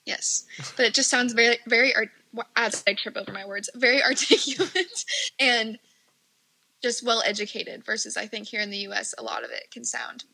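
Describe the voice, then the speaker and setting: A woman's voice: on the high side, lively intonation, normal speed, vocal fry, bright, forceful tone, breathy edge, poor audio. A woman from the United States, chatting casually with many fillers and frequent laughter. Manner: giggly, chatty, lots of fillers. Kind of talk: casual chat.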